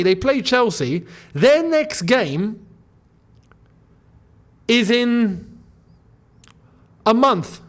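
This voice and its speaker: A young man hosting his football channel, talking casually and with animated disbelief, jumping between loud outbursts and mutters. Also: very high voice, very slow, pauses often. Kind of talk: casual solo commentary.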